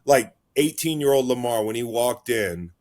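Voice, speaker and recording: A man's voice: mid-range voice, expressive, moderate pace, darkish tone. A man hosting a podcast, asking questions in a chatty, laughing way. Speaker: podcast host. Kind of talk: casual interview talk.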